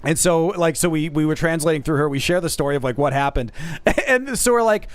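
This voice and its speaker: A man's voice: a little high, a little fast, no echo. A man streaming, telling a long funny story with laughs, addressing his audience as folks. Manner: talks straight to the audience as folks. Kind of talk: casual storytelling.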